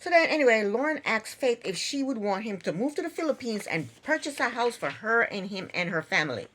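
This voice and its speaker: A woman's voice: fairly high pitch, a little fast. A woman vlogger casually recapping a reality show, retelling it with repetition and incredulous, exasperated asides. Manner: animated, repetitive storytelling.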